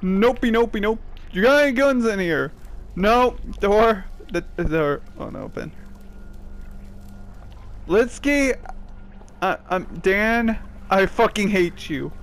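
A man playing a horror video game and commenting on it, with loud exclamations and a lot of swearing. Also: high voice, expressive, takes it slowly, long pauses. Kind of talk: let's play commentary.

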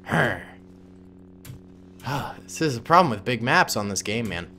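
A man's voice: mid-range voice, expressive, measured pace, pushed and bright, soft background music. A man giving casual, playful commentary over his own gameplay as a gaming host, joking with his viewers. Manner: playful, jokey, talks to viewers as "boys". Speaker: gaming YouTuber.

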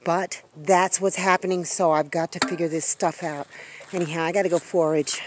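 A woman's voice: fairly low pitch, steady tone, moderate pace, heavy background noise. A woman vlogging on her homestead in a rambling, chatty way, often turning to talk to her animals. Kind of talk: casual vlog chat. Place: outdoors in a homestead yard.

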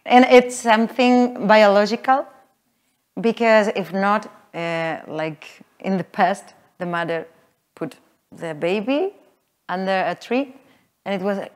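A woman teaching a voice workshop to a live group, explaining in a halting way with many fillers. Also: mid-range voice. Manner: halting, filler-heavy explaining, with frequent laughs. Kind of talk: live teaching talk with sung demonstrations. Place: workshop room with an audience.

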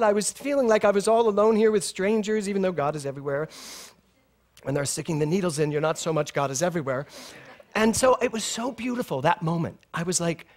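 A man's voice: high-pitched, a little fast. A middle-aged male minister giving a sermon at a spiritual center, telling a personal story with laughter and acted-out dialogue. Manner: animated storytelling, laughing often, acting out dialogue.

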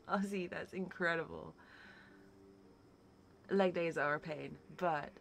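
A woman's voice: fairly low pitch, slow pace, vocal fry, pauses often, a bit bright, slight background noise. A young woman streaming live while she paints, tired and worn out, reading her chat aloud and answering viewers with encouragement. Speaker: livestreamer.

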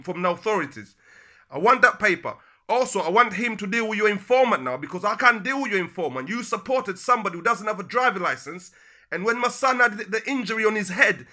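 High bright-voiced guy ranting on the phone, keeps repeating himself, calls her my love. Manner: agitated, repetitive, calls listener "my love". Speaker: caller complaining to council services. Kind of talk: phone call.

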